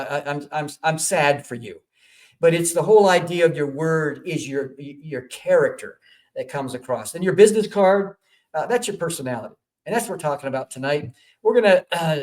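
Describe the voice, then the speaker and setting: A man hosts a radio talk show. His voice sits a little high for a man. He rambles and breaks off his own sentences while promoting his projects. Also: darkish tone. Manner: rambling, self-interrupting promotion.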